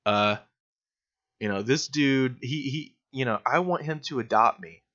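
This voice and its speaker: A man's voice: mid-range voice, a little slow, bright, forceful tone. Snarky young guy ranting in a commentary video, lots of uhs and likes, muffled lo-fi sound. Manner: sarcastic, mocking, full of fillers. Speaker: political commentator. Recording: dull lo-fi recording.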